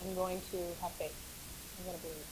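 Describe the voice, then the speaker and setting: A woman's voice: lowish voice, level tone, brisk, a little mellow, a little hiss or hum, poor audio. A woman sharing a personal faith testimony in a chatty storytelling way, often laughing and repeating words for emphasis. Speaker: speaker sharing her testimony.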